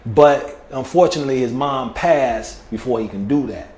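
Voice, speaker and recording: A man's voice: medium pitch, normal speed, darkish tone. A male comedian telling stories in a casual interview, laid-back and full of filler phrases. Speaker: comedian guest. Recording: roomy echo with faint noise.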